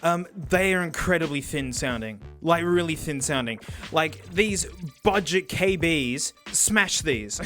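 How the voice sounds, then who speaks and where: Australian man, gadget reviewer, sarcastic, excitable, bright forceful tone, high-pitched voice, faint music underneath. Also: a little slow. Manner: excitable and sarcastic, laughing, with big pitch swings. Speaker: host reviewing cheap headphones. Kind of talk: comedic product review.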